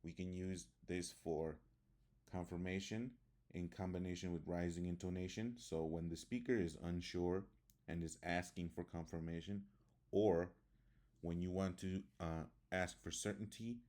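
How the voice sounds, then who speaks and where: A man's voice: deep voice, fairly even intonation, measured pace, mellow. A man teaching an English lesson, explaining intonation and reading example sentences aloud in a plain explanatory way.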